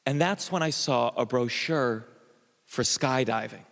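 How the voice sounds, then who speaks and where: A man's voice: mid-range voice, measured pace, gravelly, a bit bright. Guy on stage doing stand-up, jittery self-mocking, lots of i-i-i restarts, echoey hall. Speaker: stand-up comedian. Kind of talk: stand-up storytelling. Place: comedy stage.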